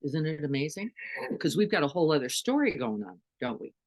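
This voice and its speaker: A woman's voice: low voice, big pitch swings, fairly quick, darkish tone. A middle-aged woman meditation teacher giving an earnest dharma talk, full of rhetorical questions to her listeners.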